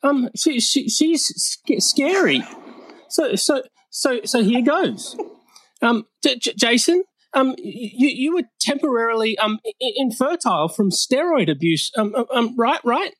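A man's voice: extremely high pitch, lively intonation, a little slow, fairly bright tone, no echo, voice pushed up, full character voice. A man putting on a jittery, stammering young guy who trips over nearly every word, loading his talk with ums and broken-off starts. The voice sits well above the performer's own, thin and anxious. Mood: nervous stammering. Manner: heavy stutter with constant ums and restarts. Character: timid stuttering young man forced into a roast.

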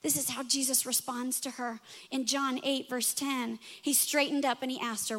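A woman in her thirties preaching a sermon, telling stories with lively acted-out voices. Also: high voice, measured pace. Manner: animated storytelling, acting out voices in quotes. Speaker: pastor.

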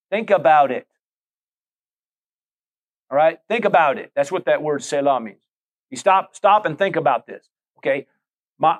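A man's voice: high voice, fairly bright tone. A middle-aged male pastor preaching a conversational sermon, full of asides, repeated phrases and calls to the listeners.

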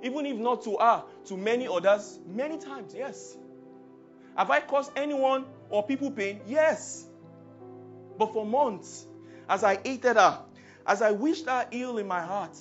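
A male preacher with a Nigerian accent delivers a sermon, dropping to near-hushed tones and then rising into forceful, emphatic climaxes. His medium-pitched voice comes through a dull, muffled recording, with soft music faint underneath. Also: lively intonation, a little slow.

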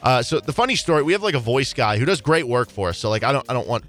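A man co-hosting a casual sports talk show, chatty and animated as he tells stories. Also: medium pitch, quick pace, faint music behind. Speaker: radio co-host.

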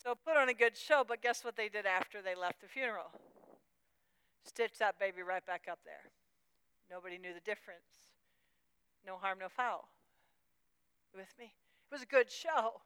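A woman preaching a sermon, moving between hushed, personal confession and impassioned outbursts. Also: medium pitch, moderate pace, long pauses, slight background noise, rough recording. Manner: emotional, swings from hushed to impassioned.

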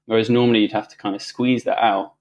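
A man with a fairly low voice, a guest on a podcast, recounting a personal story in a relaxed conversation. He talks in an animated, reflective way, often restarting sentences and laughing as he goes. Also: fast.

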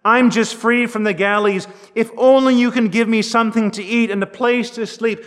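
A man voicing a desperate, hungry male ex-convict who pleads for food and a bed, in a hurried, begging way. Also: very high voice, fairly even intonation, in a large hall. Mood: pleading.

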